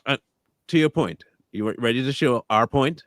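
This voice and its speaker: A man's voice: mid-range voice, moderate pace, no room sound. A man co-hosting a live talk stream, speaking casually and animatedly, acting out quoted voices and laughing often. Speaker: co-host.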